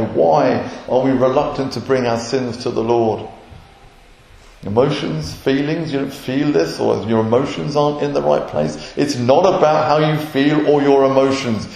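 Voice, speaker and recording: A man's voice: mid-range voice, gravelly, darkish tone. A man, a messianic rabbi, preaching an earnest sermon and acting out short quotes. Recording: roomy echoey hall.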